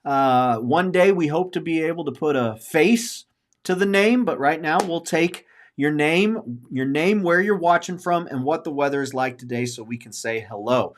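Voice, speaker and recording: A man's voice: a little high, normal speed. Earnest forty-something male podcast host. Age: 40s. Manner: earnest, openly emotional, rambling with repeated phrases. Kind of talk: casual podcast chat.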